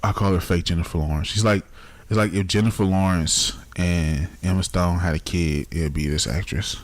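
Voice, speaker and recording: A young man with a very deep voice co-hosts a podcast in loose, casual chat. He jokes around, laughs often and throws out blunt opinions. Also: fairly even intonation, moderate pace. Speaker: podcast co-host.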